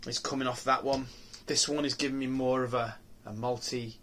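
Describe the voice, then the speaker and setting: A man's voice: medium pitch, steady tone, a little fast, fairly bright tone, slight background noise. A man reviewing beer on his own channel, talking casually and musing aloud with many ums, restarts and rhetorical questions.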